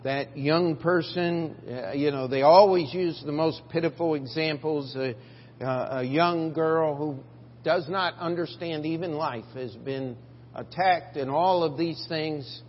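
Older male pastor, halting, filler-heavy sermon delivery; slightly high voice; reverberant, dull lo-fi church recording. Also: a little hiss or hum. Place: church sanctuary.

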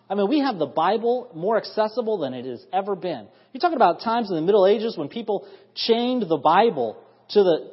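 A man's voice: high-pitched, slightly rough. A man in his thirties preaching an evening church sermon, earnest and rising to emphatic bursts of praise. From United States. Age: 30s. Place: church sanctuary. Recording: dull lo-fi audio in a reverberant church hall.

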